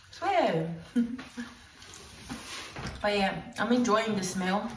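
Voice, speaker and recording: A woman with an Australian accent hosting a casual vlog, chatting with lots of ums and likes and quick giggles. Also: medium pitch, expressive. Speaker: vlogger host. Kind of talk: casual chat. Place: at home with kids. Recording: roomy, distant mic, faint noise.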